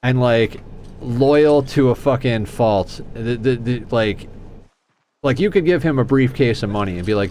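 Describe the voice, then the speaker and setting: A man's voice: mid-range voice, measured pace, darkish tone, a little hiss or hum. A man in his thirties streaming a game, telling a rambling story with lots of laughs and fillers. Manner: rambling, laughing, acts out friends' voices. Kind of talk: casual storytelling while gaming.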